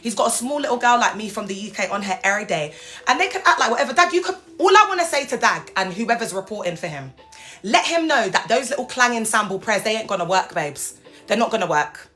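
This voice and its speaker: A young British woman hosts an unscripted livestream, mocking and taunting her viewers while flipping between mock-proper speech and street slang. Her voice is a bit high and bright, fast with lively intonation, over soft background music.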